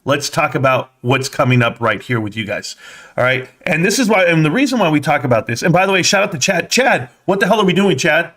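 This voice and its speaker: A man hosting a live stream from his home desk, talking in a casual, rambling way and speaking straight to his viewers with quick bursts of excitement. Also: fairly high pitch.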